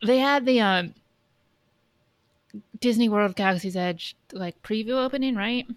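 A woman's voice: medium pitch, a little slow, no echo. A woman co-hosting a podcast, blunt and sweary in casual chat. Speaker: podcast co-host.

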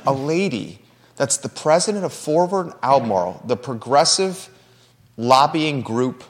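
A man hosts a local talk show in an earnest, conversational way, at times visibly moved. His voice sits at an ordinary mid pitch. A long reverb trails behind his words. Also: fairly bright tone. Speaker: radio show host. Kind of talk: talk radio monologue.

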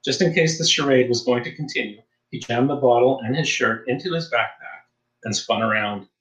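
A man's voice: mid-range voice, normal speed, fairly bright tone. Man narrating, roomy echo. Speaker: audiobook narrator. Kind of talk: scripted narration.

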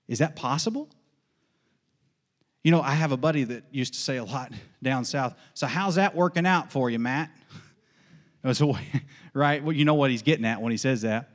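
A man preaching a sermon as pastor, emphatic and folksy, repeating questions and answers in a steady call-and-response rhythm. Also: mid-range voice. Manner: folksy asides with light laughs.

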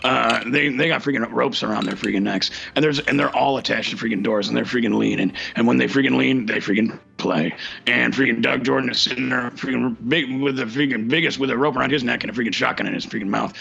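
A man's voice: mid-range voice, quick pace, a bit bright. A man playing a bumbling, rambling radio co-host who stutters through restarts and says "freaking" in nearly every phrase. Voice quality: gravelly and raspy. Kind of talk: comedy radio-show sketch. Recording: dull lo-fi recording.

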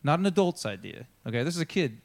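A man preaching in a church, telling Bible stories in a loose, conversational way. His voice sits a little high for a man and swings up and down a great deal as he acts out the characters' lines. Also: very animated, quick pace. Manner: casual, chatty storytelling that acts out the characters' lines. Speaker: pastor. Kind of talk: sermon.

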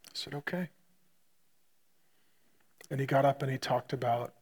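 A male pastor preaching, retelling a hospital story with loud punchy bursts that drop to a quiet hush. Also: medium pitch, fairly even intonation, unhurried, pauses often, breathy edge. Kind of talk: sermon storytelling.

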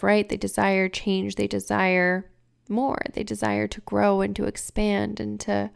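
Emotional woman with a gravelly voice. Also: mid-range voice. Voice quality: gravelly fry. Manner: candid, emotional, searching for words. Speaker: podcast host. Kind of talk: casual personal monologue.

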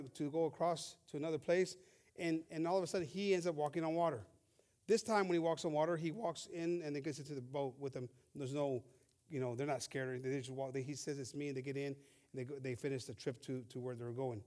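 A man preaching a bilingual sermon, reading scripture slowly and emphatically and rising with emphasis. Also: a little high, steady tone, darkish tone. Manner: switches between English and Spanish, reads scripture slowly and emphatically.

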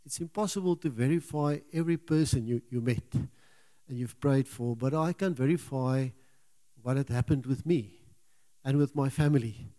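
Halting preacher, man with mellow voice. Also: mid-range voice. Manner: halting, repeats words, earnest. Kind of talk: sermon.

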